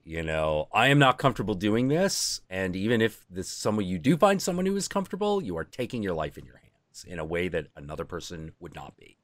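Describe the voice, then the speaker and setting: A man's voice: sits low, brisk, dry recording. A man hosting a live stream, chatting casually and candidly, swearing freely as he tells stories. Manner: candid, swearing, animated storyteller. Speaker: stream host.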